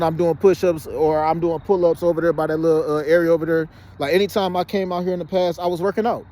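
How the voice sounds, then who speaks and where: Man, rapid insistent outdoor phone vlog, high-ish voice. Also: mellow. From Detroit, Michigan. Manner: rapid and insistent, often says "you know what I'm saying". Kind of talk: casual monologue to camera. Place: outdoors by a fenced exercise area.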